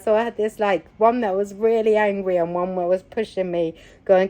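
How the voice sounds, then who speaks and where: A woman's voice: medium pitch, normal speed, few pauses. A woman, telling a personal story in a casual, emphatic way, repeating phrases for weight. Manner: emphatic, repetitive, animated retelling. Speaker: vlogger.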